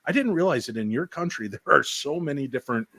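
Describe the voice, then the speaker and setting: An American man tells stories with lively, joking energy. His voice has a bright, forceful edge and sounds dry and close. He talks casually over a video call. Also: on the high side, fast talker, slightly rough, no room sound. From United States. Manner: animated storyteller, jokes and does voices. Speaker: paranormal podcast host and guest.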